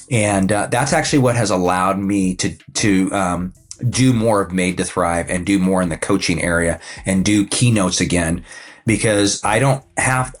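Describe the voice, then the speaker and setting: A man in his fifties, a financial advisor and coach, talks about his work as a podcast guest in a relaxed, anecdotal way, with frequent fillers and restarts. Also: on the low side. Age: 50s. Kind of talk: casual conversational storytelling.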